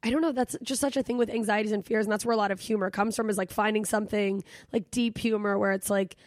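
A woman's voice: mid-range voice, fairly even intonation, quick pace, dry recording, studio quality. A woman hosting a podcast, chatting casually and cracking playful jokes. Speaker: podcast host.

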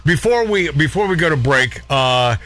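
A man hosts a casual radio talk show, rambling and cracking jokes as he keeps interrupting himself. His voice sits a little high and sounds bright and forward. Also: lively intonation, normal speed. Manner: rambling, self-interrupting, jokey.

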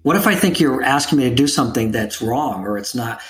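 A man interviewing an author, speaking in a measured, reflective way about leadership and parenting. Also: mid-range voice, animated. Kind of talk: conversational interview.

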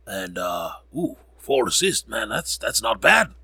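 A man's voice: fairly low pitch, sing-song, unhurried, vocal fry, bright, forceful tone, slightly rough, no echo. A man hosting a podcast, rambling through sports scores with jokes and frequent self-corrections. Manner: rambling, joking, corrects himself often. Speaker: podcast host. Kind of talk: casual sports score recap.

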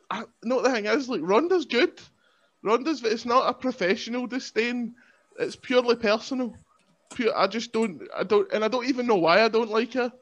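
Guy, chatty podcast guest, slightly high, lo-fi audio. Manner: rambling, joking, laughs often. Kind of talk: casual sweary chat. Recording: dull lo-fi sound.

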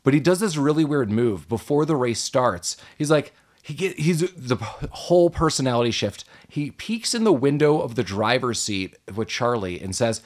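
Casual male podcast co-host, mid-pitched, animated plot recapper who laughs a lot. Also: normal speed. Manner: animated retelling, quoting characters, laughing often. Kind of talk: casual movie recap chat.

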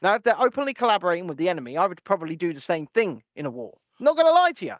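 A man's voice: high-pitched, very animated, rapid-fire, dry recording, lo-fi sound. A man co-hosting a podcast in casual, jokey banter, swearing freely. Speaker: podcast co-host. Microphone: home podcast mic with noise gate.

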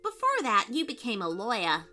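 A woman's voice: fairly high pitch, wildly swooping pitch, moderate pace, pushed and bright, faint music behind, exaggerated voice. Woman doing a bubbly squealing girl. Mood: eager. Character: bubbly, excitable young girl.

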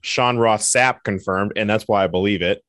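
Blunt, opinionated low male co-host. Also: normal speed, fairly bright tone, dry recording, clean studio sound. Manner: opinionated, blunt, swears casually. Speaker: podcast co-host. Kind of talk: casual chat.

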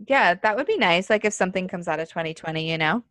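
A woman's voice: fairly low pitch, expressive, fast talker, fairly bright tone, dry recording. A young woman in her twenties co-hosting a casual podcast, chatty and opinionated, full of "like" fillers. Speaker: podcast co-host. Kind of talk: casual chat.

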